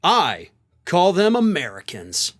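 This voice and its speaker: A man's voice: on the high side, huge pitch swings, slow, fairly bright tone, exaggerated voice. A man doing a drawling Southern senator. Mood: dismissive. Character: impression of a blunt older Southern male senator.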